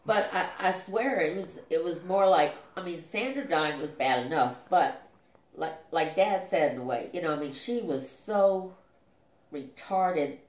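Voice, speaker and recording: A middle-aged woman telling family memories in a halting, casual way, full of fillers and acted-out quotes. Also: fairly low pitch, darkish tone, roomy sound.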